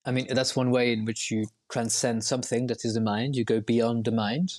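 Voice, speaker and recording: A man's voice: mid-range voice, level tone, a little fast. A man as a podcast guest, explaining at length in a reflective, winding way with frequent restarts. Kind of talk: podcast interview.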